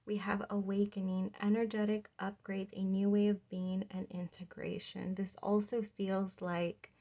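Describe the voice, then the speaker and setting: A young woman giving a pick-a-card tarot reading in a gentle, reassuring way, rambling with many fillers. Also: mid-range voice, flat delivery, a little slow, lo-fi sound. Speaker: tarot reader.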